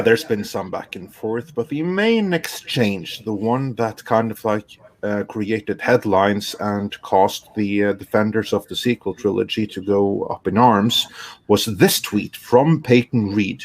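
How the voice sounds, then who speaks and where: A man hosts a live-stream panel, voice sitting a little low. He talks loosely and thinks aloud while steering the chat. The tone is relaxed and unscripted. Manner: conversational, thinking aloud while leading the talk. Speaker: show host.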